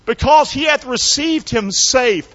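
A man preacher voicing an excited male servant who exclaims the news of a homecoming. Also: very high-pitched, a little slow, long reverb tail, pitched above the performer's own voice. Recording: slightly dull lo-fi sound.

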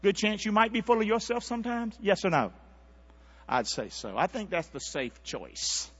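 A man preaching a sermon, calling out to the congregation and swinging from near-whispers to shouts. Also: sits high, moderate pace, breathy edge, in a large hall, muffled recording. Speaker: pastor. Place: church sanctuary.

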